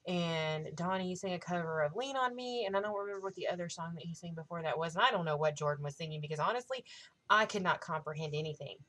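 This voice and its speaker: Chatty thirtysomething woman vlogging, all hyped up, kinda low voice, curses a lot. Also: quick pace. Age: 30s. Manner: excitable, gushing, swears freely. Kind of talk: casual storytelling vlog.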